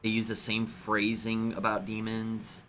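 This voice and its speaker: Bright-voiced man, rambling storyteller. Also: on the low side, completely flat delivery, a little slow, slight background noise. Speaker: host. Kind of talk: casual chat.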